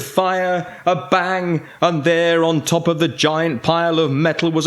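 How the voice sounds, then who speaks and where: A father reading a children's bedtime story aloud in an expressive storytelling manner. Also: fairly high pitch, moderate pace, hardly any pauses.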